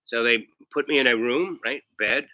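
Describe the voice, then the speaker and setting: A man's voice: mid-range voice, moderate pace, no echo, lo-fi sound. A man telling a rambling comic anecdote, often tagging his lines with "right?". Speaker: storyteller.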